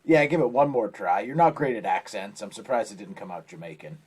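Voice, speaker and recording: A man's voice: on the low side, expressive, brisk, darkish tone, slightly rough. Casting: podcast co-host, man, easygoing and teasing, quotes comedy movie lines. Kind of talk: casual chat.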